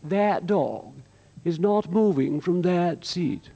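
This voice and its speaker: A comedian putting on a haughty older woman who will not budge, slightly raised in pitch. She speaks firmly and in short, clipped phrases. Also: animated, slow, creaky, dark tone, full character voice. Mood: stubborn. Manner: firm, clipped, immovable.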